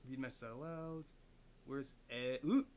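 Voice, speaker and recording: A man's voice: medium pitch, a little slow, a little mellow. A man streaming from his home desk, rambling and swearing as he thinks aloud, with his mic farther away than usual at an odd angle. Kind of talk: casual live-stream chat. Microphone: desk mic set farther away than usual, at an odd angle.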